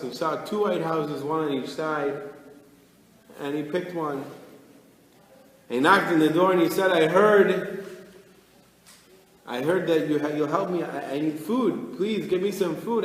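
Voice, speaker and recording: A rabbi giving an animated storytelling Torah class, acting out the people in his tale. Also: on the high side. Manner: animated storyteller, acts out characters. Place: study hall. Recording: echoey hall.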